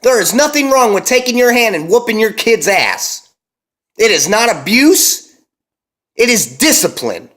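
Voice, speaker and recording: A young man and parent delivering a heated, emphatic monologue, cursing often and slowing down to hammer his points. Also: high-pitched, very animated, fairly bright tone. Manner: intense, emphatic, heavy cursing, slows to hammer key words. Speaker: vlogger and parent.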